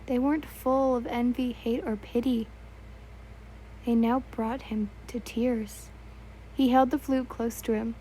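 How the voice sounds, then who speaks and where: A woman's voice: fairly high pitch, steady tone, measured pace, warm tone, a little hiss or hum, poor audio. A young woman reading fan fiction aloud in a casual, stumbling way, correcting herself and adding asides.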